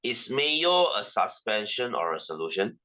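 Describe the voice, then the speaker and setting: Bright-voiced Singaporean English tutor. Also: male voice, lowish voice, big pitch swings, a little slow, muffled recording. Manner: repetitive, rhetorical questions, ranting asides. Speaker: science tutor. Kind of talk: online class teaching.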